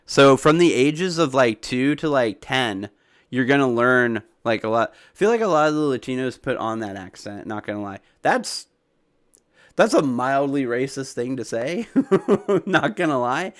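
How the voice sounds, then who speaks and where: A man with a softened Southern American accent rambles through a casual livestream chat, full of fillers and sudden excited leaps in pitch. His voice is smooth and clear at an ordinary middle pitch. It is recorded dry and close to the mic. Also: normal speed, dry recording. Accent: Southern US, softened toward neutral American. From Southern United States. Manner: rambling and animated, jumps in pitch when excited, many fillers. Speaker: streamer answering chat.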